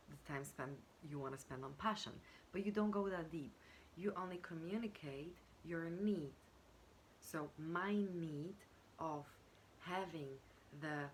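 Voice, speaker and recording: Low, slow-speaking woman coach. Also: slight background noise. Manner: measured, pausing with fillers, acts out example phrases. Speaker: communication coach. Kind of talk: explanatory teaching talk.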